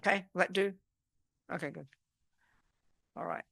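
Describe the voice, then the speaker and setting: A woman leads a Buddhist retreat session in a bright, forceful voice. She speaks emphatically and directly, and often breaks off to ask whether her listeners understand. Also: lowish voice, steady tone, normal speed, vocal fry. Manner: emphatic and forthright, often checking "do you understand?". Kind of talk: live dharma teaching with questions and answers. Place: meditation center teaching room.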